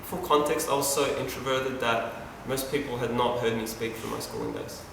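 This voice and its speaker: A man's voice: medium pitch, fairly even intonation, normal speed, gravelly, noisy background. A man from Yugoslavia telling a personal story to a live audience, speaking candidly and casually with self-deprecating asides. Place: event hall. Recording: echoey hall from far off.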